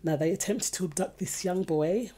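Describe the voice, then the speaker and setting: Woman podcast co-host, deep, dark tone, earnest news-reading. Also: moderate pace. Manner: earnest, urging listeners, reading news aloud. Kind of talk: casual podcast chat.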